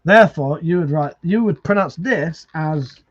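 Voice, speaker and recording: A man's voice: on the high side, normal speed, highs cut off. A man hosting a casual live stream, arguing animatedly, swearing freely and reading viewer comments aloud. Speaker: livestream host.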